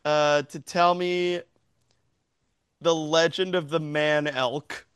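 A man's voice: a little high, fairly even intonation, takes it slowly, a bit bright, smooth. A man improvising a goofy story as a game host, laughing often and rambling with fillers. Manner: giggly, rambling, puts on silly voices.

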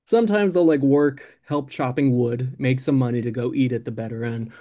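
A man's voice: mid-range voice, normal speed, mellow. A man improvising a comic story in a rambling, filler-heavy way.

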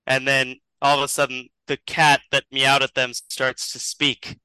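A man's voice: medium pitch, completely flat delivery, measured pace, bright, forceful tone, smooth, dry recording, low-quality recording. A man improvising a comedic story as a podcast host, rambling and chuckling as he goes.

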